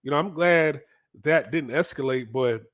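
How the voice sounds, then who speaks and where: Man telling a casual travel story, lively and crude, slightly higher voice. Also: moderate pace. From United States. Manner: animated, profane, frequent "right?" asides. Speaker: vlogger.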